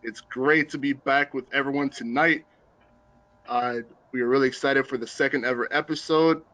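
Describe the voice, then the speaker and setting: Casting: young male student host, mid-pitched, close and dry, earnest and formal on a video call. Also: steady tone, normal speed, fairly bright tone, no echo, rough recording. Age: young adult. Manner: earnest, polite, formal introductions. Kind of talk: hosted panel talk.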